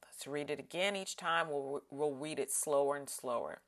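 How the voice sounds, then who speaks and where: A woman leading a Bible study, calmly guiding breathing and reading scripture aloud slowly. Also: low-pitched, gravelly. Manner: slow, calm guided reading with breathing cues.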